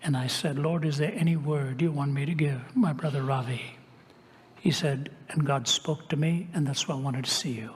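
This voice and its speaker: An older man telling a story in a sermon, dropping at times to a hushed whisper. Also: a little high, normal speed, in a large hall. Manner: dramatic shifts to a hushed whisper. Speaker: preacher.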